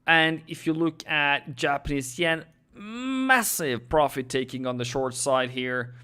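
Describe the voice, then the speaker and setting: Hosting a live forex analysis, a young man whose first language is Norwegian guides viewers through charts in non-native English, full of fillers and self-corrections. He talks to his audience directly and thanks subscribers, his slightly high voice expressive, measured, pushed and bright, with a clean tone.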